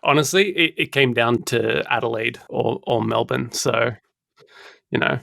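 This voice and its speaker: A man hosting a podcast interview, friendly and quick to laugh. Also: medium pitch, vocal fry, sharp tone, no echo. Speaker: podcast host.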